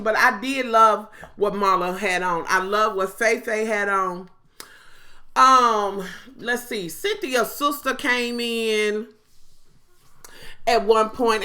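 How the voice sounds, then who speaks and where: A woman, recapping a reality show in a sassy, profane, animated monologue to her viewers. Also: a little high. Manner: breaks into mocking impressions of others.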